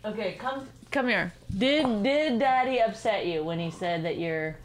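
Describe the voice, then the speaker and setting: A woman's voice: mid-range voice, animated, unhurried, slight background noise. A woman, a mother, chiding her husband with sarcastic remarks in casual family banter. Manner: chiding, sarcastic, repeats herself.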